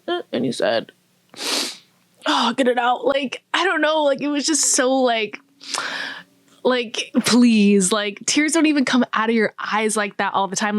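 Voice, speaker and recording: A woman's voice: mid-range voice, dry recording. A young woman recapping a film in a casual vlog, chatty and frank, with lots of fillers. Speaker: YouTuber reviewing a film. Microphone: camera mic.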